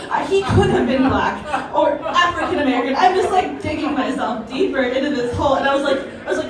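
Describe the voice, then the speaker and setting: A woman's voice: high-pitched, lively intonation, fast talker, hardly any pauses, a crowd in the background. A young adult woman doing a stand-up set at an open mic, chatty and crude, with lots of "like" fillers. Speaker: stand-up comedian. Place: comedy club stage, indoors. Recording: echoey room, mic far off.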